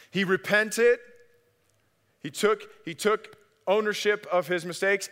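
A middle-aged man delivers a sermon from a church, speaking in a fairly high voice. He preaches in a lively, storytelling way, acting out voices as he goes. His voice rings with the long reverb of a large hall. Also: a little slow, clean tone. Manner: storytelling, animated, acts out family voices. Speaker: pastor. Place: church sanctuary.

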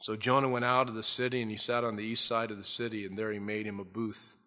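A man preaching a sermon, telling the scriptures in an animated way and acting out the scenes. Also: fairly low pitch, fast talker, in a large hall.

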